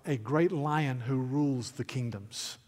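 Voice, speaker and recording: A male preacher giving a sermon, reading aloud from a storybook with animated, soft asides. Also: mid-range voice, unhurried. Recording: echoey hall reverb.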